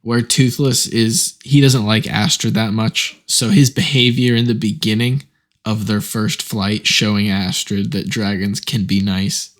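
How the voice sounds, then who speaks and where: Relaxed man chatting casually. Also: on the low side, a little slow. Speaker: podcast co-host. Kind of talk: casual chat.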